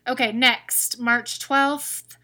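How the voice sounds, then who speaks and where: A woman co-hosting a podcast, reading listener reviews aloud in a brisk, wry, casual way. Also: a little high, steady tone, pushed and bright. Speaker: podcast co-host.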